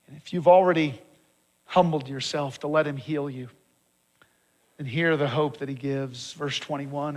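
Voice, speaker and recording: Man preaching with rhetorical questions. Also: fairly high pitch. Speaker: pastor. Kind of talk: sermon.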